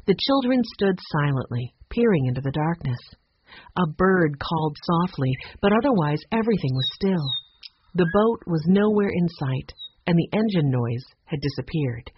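A woman narrating a children's storybook aloud in an expressive, lively reading. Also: fairly low pitch, moderate pace, highs cut off, a little hiss or hum.

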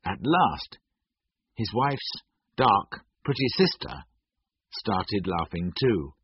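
A man narrating a storybook in a slow, measured reading. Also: sing-song, breathy edge, no echo, muffled recording. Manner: slow, measured reading with wide pitch swings.

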